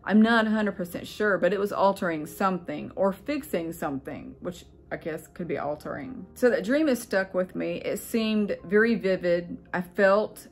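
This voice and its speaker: A woman's voice: lowish voice, lively intonation, normal speed, few pauses, soft background music. A middle-aged woman vlogger telling a personal story in a casual, earnest, rambling way, with many fillers and restarts.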